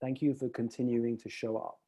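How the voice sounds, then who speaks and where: Dark-voiced male coach. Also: medium pitch, level tone, brisk. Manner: reflective, reframes the client's words and tells stories to make a point. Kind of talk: one-on-one coaching conversation.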